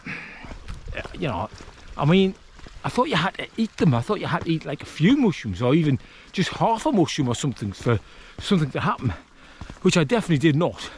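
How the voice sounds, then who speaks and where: A self-deprecating man chats to camera at a woodland camp, rambling with plenty of fillers. His voice sits a touch high and rises and falls a lot, with faint noise from outdoors behind him. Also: very animated, brisk. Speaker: vlogger, outdoor camper. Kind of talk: casual talk to camera. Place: outdoors in woodland, wild camping.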